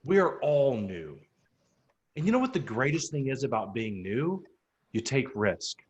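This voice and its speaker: A man's voice: very animated, unhurried, highs cut off. Punchy man giving a motivational talk. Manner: punchy, emphatic, repeats key lines for effect; swings high and loud when quoting people. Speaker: real estate coach and speaker. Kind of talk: motivational talk to real estate agents.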